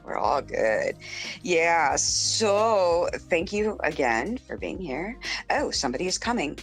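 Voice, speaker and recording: A lively, animated woman hosts a live podcast, her voice swinging widely in pitch and sitting a little low. She chats casually and laughs often, with faint music underneath. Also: slow pace, poor audio. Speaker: podcast host.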